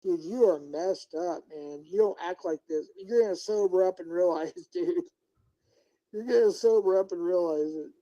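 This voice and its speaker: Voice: medium pitch, moderate pace, dark tone, dull audio. A livestreamer delivering a confrontational rant at one person, scolding, lecturing and repeating questions as they press for answers.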